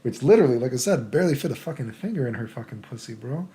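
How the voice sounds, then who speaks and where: A man's voice: mid-range voice, lively intonation, very fast, dark tone. A man from the United States telling a story in a casual vlog, rambling and crude, peppering his talk with "dude" and "right?".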